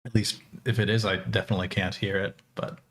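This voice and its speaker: A man's voice: on the low side, little pitch movement, fast talker, a bit bright. A young American man casually thinking aloud while programming on a livestream, with many fillers. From United States. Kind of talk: casual live coding commentary.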